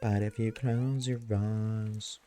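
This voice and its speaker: A man streaming a game live, chatting loosely with viewers at a desk mic, swearing often and swinging between a high put-on tone and his lower everyday voice. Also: fairly even intonation, slow, warm tone. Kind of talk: casual live-stream chat while gaming. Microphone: desk microphone.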